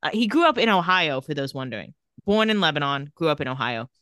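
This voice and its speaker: A woman with a bright, sharp voice and a slightly low pitch, recording close to a dry mic with no room sound. She co-hosts a casual recap chat, retelling scenes quickly and reading out the characters' dialogue in an even voice. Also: clear, resonant tone, dry recording. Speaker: podcast co-host.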